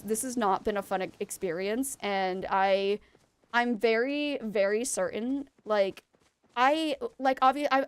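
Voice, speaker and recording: A young adult woman streaming a game and chatting candidly with her viewers, venting emotionally and often restarting her sentences. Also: medium pitch. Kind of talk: casual chat with viewers while gaming.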